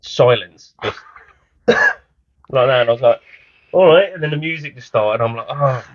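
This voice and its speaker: A man's voice: medium pitch, moderate pace. A man, co-hosting a podcast and telling self-mocking stories in casual chat. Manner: storytelling, self-mocking, laughs often. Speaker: podcast co-host. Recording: dull lo-fi podcast audio.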